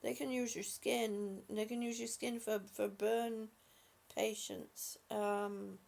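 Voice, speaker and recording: A woman hosting a live stream, speaking softly and affectionately to her viewers with halting, repeated words. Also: a little high, flat delivery, vocal fry. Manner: soft, affectionate, calls viewers honey and sweetie. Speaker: livestream host reading viewer comments. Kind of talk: slow casual live chat.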